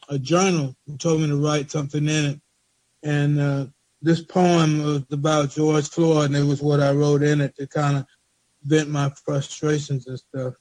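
A man reading a spoken word poem he wrote, in a slow rhythmic delivery with repeated refrains. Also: on the high side, a little mellow, dry recording, low-quality recording. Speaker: poet reading his own poem.

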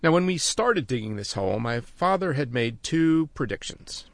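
An older man tells a story on the radio with wry, dry humor. His voice is gravelly, and it sounds close and dry. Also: medium pitch, big pitch swings, normal speed, no echo. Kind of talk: personal storytelling.

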